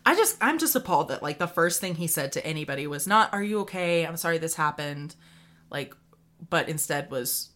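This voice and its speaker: A woman's voice: low voice, expressive, brisk, fairly bright tone. A woman co-hosting a podcast, telling a story in casual chat with frequent laughter. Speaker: podcast co-host.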